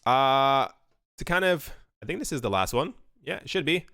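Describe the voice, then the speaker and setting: A man's voice: mid-range voice, lively intonation, normal speed, gravelly, bright, forceful tone, dry recording, clean studio sound. A man commenting casually and with strong opinions on crypto news, talking loosely with many fillers and restarts. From United States. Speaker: crypto video host.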